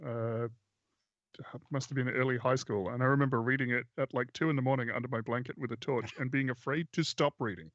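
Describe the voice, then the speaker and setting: A man with a subtle Australian accent talks fast and thoughtfully in casual chat. His voice sits at a middle pitch. The sound is dry and close but dull and lo-fi. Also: steady tone, a bit bright, no echo. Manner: quick, chatty and thoughtful. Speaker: player.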